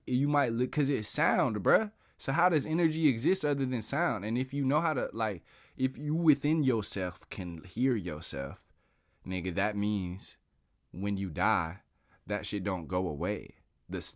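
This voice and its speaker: A man with a deep, low voice holds forth in a loose, drawn-out monologue. He is slangy and profane and laughs along the way. The sound is dry and close, with no room around it. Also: no room sound. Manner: drawn-out, musing delivery. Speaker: podcast host. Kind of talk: casual philosophical monologue.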